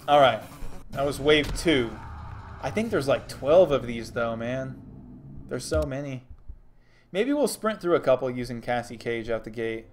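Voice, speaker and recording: Upbeat young Texan streamer, lively voice. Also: male voice, medium pitch, a little slow, a little hiss or hum. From Texas. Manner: upbeat, joking, reads chat messages aloud. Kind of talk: casual gaming stream commentary.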